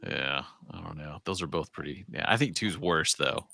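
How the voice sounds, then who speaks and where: A man in casual podcast chat, hesitant and thinking out loud as he weighs a question. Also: extremely low pitch, lively intonation, moderate pace, vocal fry, no echo.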